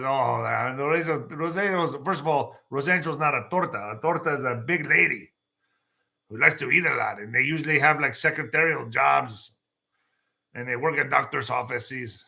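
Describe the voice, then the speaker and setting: A man's voice: medium pitch, moderate pace, gravelly, pushed and bright. A man hosting a casual news commentary show, reading stories aloud and riffing in a loose, joking way. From El Paso, Texas. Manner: loose and jokey, mixing in put-on voices.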